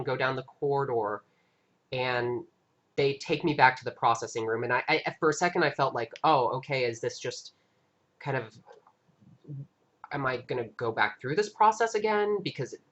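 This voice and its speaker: Bright-voiced man telling a story. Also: medium pitch. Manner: earnest, halting recounting with frequent restarts. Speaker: live stream host. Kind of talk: casual storytelling.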